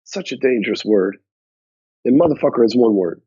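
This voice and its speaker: A man's voice: mid-range voice, expressive, brisk, dark tone, breathy edge, no room sound. A male business coach giving a blunt, profane motivational talk to camera, full of slang and swearing. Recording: dull, dry lo-fi audio.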